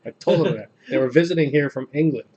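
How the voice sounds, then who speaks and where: Deadpan man reading jokes aloud. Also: medium pitch, fast talker, husky, lo-fi sound. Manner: flat, deadpan delivery. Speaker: host reading jokes on video. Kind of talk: casual joke reading.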